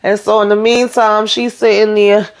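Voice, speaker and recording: A woman in a casual recap, chatting emphatically to her viewers about the latest episode. Her voice sits at an ordinary middle pitch, and she leans on fillers as she retells each scene. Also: flat delivery, moderate pace. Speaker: TV show recap host.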